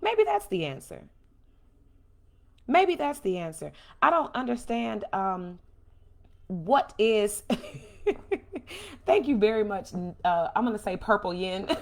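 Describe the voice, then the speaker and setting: A woman hosting a livestream from home, speaking with passion and answering viewer comments. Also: on the high side. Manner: impassioned, animated, reads and answers viewer comments. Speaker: host.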